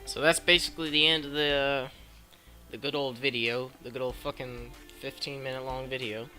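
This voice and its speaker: Bright-voiced, profane young vlogger man. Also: medium pitch, normal speed. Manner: profane, excitable, rambling. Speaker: film review vlogger. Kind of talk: casual film recap. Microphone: cheap mic. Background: background noise and faint music.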